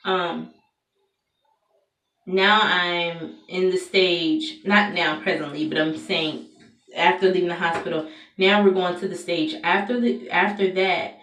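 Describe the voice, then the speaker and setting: A young woman speaks candidly in a personal vlog, pausing on fillers and restarting her sentences. Her voice sits a little low and carries the ring of a bare room. She talks from some distance away from the mic. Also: steady tone, fairly bright tone, echoey room. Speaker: vlogger.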